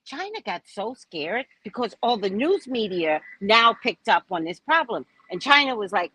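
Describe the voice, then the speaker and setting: A woman hosting a casual livestream, talking in an animated, theatrical way and acting out the people she quotes. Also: medium pitch, normal speed, hardly any pauses, breathy edge, no echo. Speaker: psychic livestream host.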